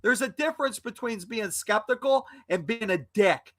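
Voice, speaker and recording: A man's voice: sits high, moderate pace, a bit bright. A man on a live video call, angrily insulting a troll in a heated argument, repeating himself. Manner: angry, insulting, repetitive. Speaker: guest on a live stream.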